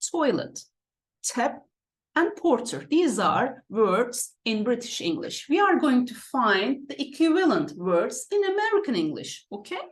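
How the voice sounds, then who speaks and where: A woman teaching an English lesson, drawing out and repeating words for her students. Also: on the high side. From Turkey. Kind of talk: online lesson walkthrough.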